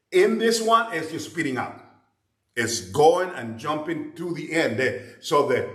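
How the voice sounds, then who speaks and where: This Bible teacher's fairly bright, mid-range voice carries a roomy echo. Patient in his explanations, he keeps repeating words as he hunts for what comes next.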